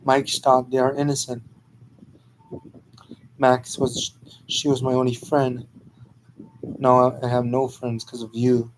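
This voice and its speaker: A man's voice: mid-range voice, monotone, slow pace, pauses often, slight background noise, natural voice, rough recording. A man doing a bossy, short-tempered young woman. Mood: upset. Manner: bossy, impatient, snapping orders.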